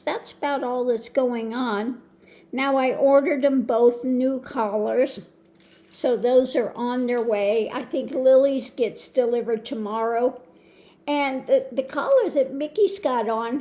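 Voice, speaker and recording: An older woman rambling about her day in a casual, chatty way, with soft laughs here and there. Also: fairly high pitch. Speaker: tarot reader and vlogger. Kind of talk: casual chat.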